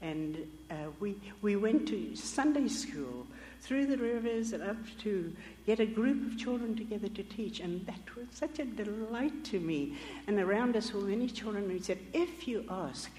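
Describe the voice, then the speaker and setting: A woman's voice: medium pitch, lively intonation, normal speed, warm tone. An older woman telling a missionary testimony as a sermon, storytelling vividly and acting out the voices she quotes. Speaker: missionary speaker. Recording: echoey hall with long reverb.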